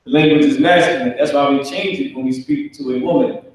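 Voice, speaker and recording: A man teaches a relaxed class, talking loosely and acting out little family scenes in other voices. His voice is a touch high for a man. It sounds boomy and echoey, as if he is standing away from the mic in a big bare room. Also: brisk, recorded from a distance. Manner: casual, conversational, acts out family scenarios in character voices. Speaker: Hebrew language teacher. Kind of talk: casual live online class.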